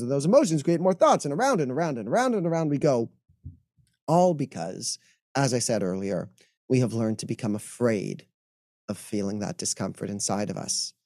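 A man with a mellow, warm tone and a swooping, animated delivery, talking as a mental health coach on a podcast. His pitch sits a bit high for a man. He slips into quick acted-out inner voices as he explains, and the recording is dry and close. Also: no room sound. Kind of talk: podcast interview talk.

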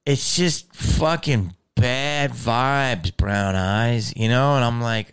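A man's voice: medium pitch, expressive, a little slow, hardly any pauses, a bit bright, clear, resonant tone. A man ranting in a casual, profane chat, often restarting his sentences as a podcast host.

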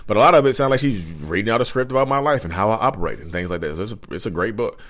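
A man hosting a casual advice vlog, talking straight to viewers, animated and repetitive. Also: lowish voice, rapid-fire. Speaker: channel host.

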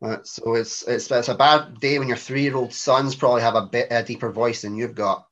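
A man's voice: mid-range voice, steady tone, normal speed, fairly bright tone, dull audio. A Glaswegian man in his thirties, a podcast guest telling rambling, self-mocking stories in casual chat. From Scotland.

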